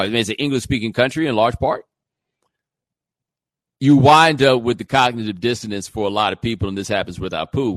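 A middle-aged man with a fairly low voice speaks into a studio mic in a dry, close room. He hosts his own show and talks through an opinion piece, conversational and emphatic, leaning on rhetorical questions. He sounds loose and direct. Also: a bit bright, no room sound. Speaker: host. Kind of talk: opinionated monologue.

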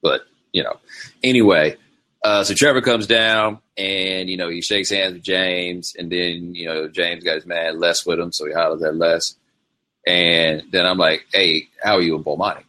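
A man's voice: low voice, fairly even intonation, measured pace, pushed and bright. A man hosting his own show, telling rambling stories in casual chat and slipping into quoted voices. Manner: rambling storytelling with quoted impressions. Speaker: show host. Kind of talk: casual livestream monologue.

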